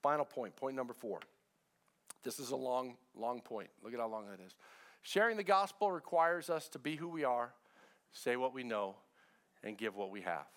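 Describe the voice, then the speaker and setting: A man's voice: mid-range voice, big pitch swings, moderate pace, fairly bright tone. A middle-aged male pastor preaching a sermon in a conversational way, repeating short phrases and asking the congregation questions. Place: church sanctuary with a congregation.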